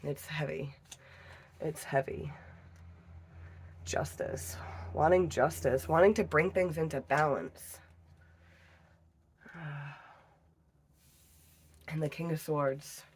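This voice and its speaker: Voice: medium pitch, slow, pauses often, slight background noise. A tarot reader giving a casual reading into a phone, chatty and profane, laughing often.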